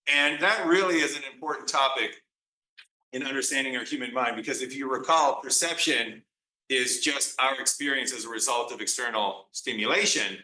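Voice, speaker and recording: A man lectures on psychology with a very bright, sharp voice, walking through examples and voicing the replies himself. He sits back from the mic, and the room rings around him. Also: medium pitch, normal speed, echoey room, far from the mic, rough recording. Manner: explanatory, acts out examples with quoted replies. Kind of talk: recorded lecture.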